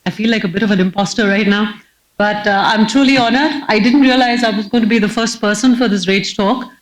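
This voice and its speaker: A woman tells stories from her life on stage. Her voice sits at a middling pitch. She is lively and self-mocking, and she acts out the scenes as she goes. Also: brisk, rough recording. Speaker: keynote speaker. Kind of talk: humorous personal storytelling talk. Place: stage before a live audience.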